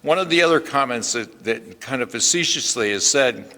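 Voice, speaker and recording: A man's voice: mid-range voice, animated, normal speed, few pauses, sharp tone. An older man, a state senator, gives a plainspoken, emphatic speech at a podium in a hotel event hall, restarting his sentences often. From Pennsylvania. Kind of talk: speech at a press club luncheon.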